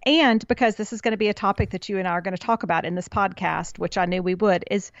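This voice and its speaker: A woman co-hosting a podcast, telling stories in a chatty, animated way. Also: medium pitch, quick pace, dry recording, lo-fi sound. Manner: chatty storyteller, quotes others with emphasis. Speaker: podcast co-host. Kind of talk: casual chat.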